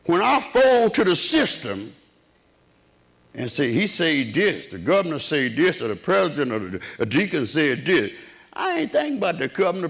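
A man preaching a fervent sermon. His voice sits on the high side for a man, and his pitch leaps around a great deal as he drops to a near-murmur, then climbs to ringing exclamations. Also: a bit bright. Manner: impassioned call-and-response preaching, swinging from low murmurs to raised cries.

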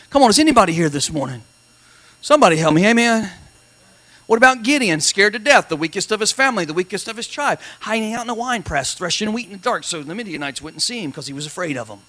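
A male pastor preaching a lively sermon with call-and-response asides and dramatic shouted peaks in a church. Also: sits high.

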